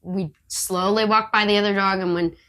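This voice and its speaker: On a podcast, a chatty woman swaps dog-training stories in a relaxed, casual way, laughing frequently and slipping into quick quoted asides that voice her dog's thoughts. Her pitch is an ordinary middle range, her intonation fairly even, and her tone a bit bright.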